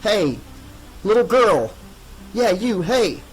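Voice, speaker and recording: A man voicing a frightened young man who shouts in a quavering voice. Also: sits high, very animated, takes it slowly, faint music behind, pitched above the performer's own voice, exaggerated voice, poor audio. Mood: panicked.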